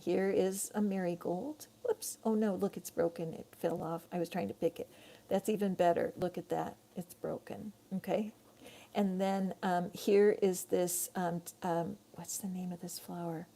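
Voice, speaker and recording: A woman's voice: medium pitch, steady tone, normal speed, creaky, dark tone. A middle-aged woman giving a live tarot reading, chatty and rambling, talking straight to her viewers. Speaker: tarot reader.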